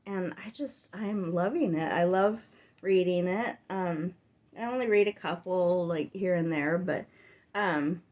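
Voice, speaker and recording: Woman chatting about her reading, rambly, lots of "like", goes off on tangents, normal mid voice. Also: mid-range voice. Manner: rambling with tangents and many filler "like"s; chatty and exasperated when complaining. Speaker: book vlogger. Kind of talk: casual reading update vlog.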